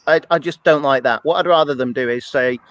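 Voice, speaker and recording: A man's voice: a little high, fairly quick, fairly bright tone, low-quality recording. A man co-hosting a church's weekly show, chatting casually and rambling along in a self-deprecating way. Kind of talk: casual chat.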